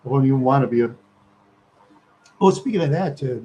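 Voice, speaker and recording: A man's voice: medium pitch, animated, a little fast, warm tone, a little hiss or hum, rough recording. A man from Minnesota hosting a live stream, rambling through stories, repeating words and chuckling often.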